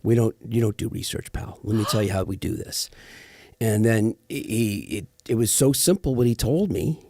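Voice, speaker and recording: In a casual interview, a middle-aged actor appears as a guest and tells stories, animatedly acting out whoever he quotes. His voice is lowish and his speed normal.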